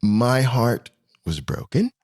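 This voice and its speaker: A man riffs through a comedic podcast monologue at middle pitch. His delivery is animated: it swoops up high and drops low, and he laughs often along the way. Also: slow pace. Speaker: podcast host.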